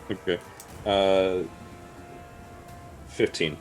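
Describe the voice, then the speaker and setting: Deep-voiced man playing a tabletop game. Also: expressive, moderate pace, music in the background, rough recording. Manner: hesitant, laughs often. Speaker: player. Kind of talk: casual chat at a tabletop game.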